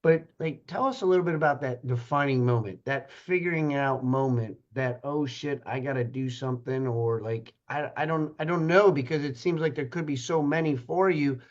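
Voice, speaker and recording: A man's voice: on the high side, moderate pace, hardly any pauses, highs cut off. A man hosting a podcast, asking a guest questions in a rambling, casual way while searching for words. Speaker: podcast host.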